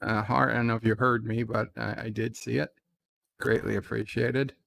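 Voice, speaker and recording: A man's voice: flat delivery, moderate pace, vocal fry, fairly bright tone, slight background noise. A man hosting a live stream, chatting casually and reading viewer comments aloud, with a slight New York accent and a dry, offhand manner. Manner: reads chat messages in a raised, livelier voice, then answers in a dry, low aside.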